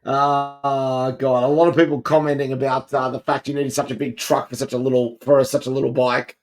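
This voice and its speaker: A man's voice: mid-range voice, flat delivery, brisk. A man co-hosting a comedy podcast, chatting laid-back about listener comments and laughing along. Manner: laid-back, laughs at stories, says mate. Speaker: podcast co-host. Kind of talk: casual comedic chat.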